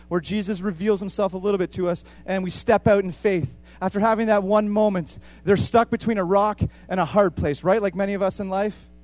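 A man with a high voice preaches a sermon passionately, repeating phrases for emphasis and swinging between hushed and loud.

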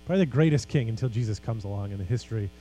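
A man's voice: fairly low pitch, expressive, rapid-fire, dark tone, a little hiss or hum, poor audio. A man preaching a sermon as pastor, earnest and emphatic, with casual conversational asides.

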